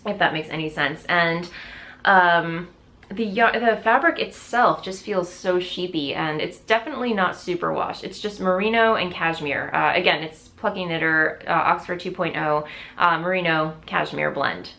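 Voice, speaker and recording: A woman's voice: fairly low pitch, moderate pace, sharp tone. A woman hosting a knitting video podcast, chatting casually to viewers in an enthusiastic, rambling way with lots of fillers and restarts.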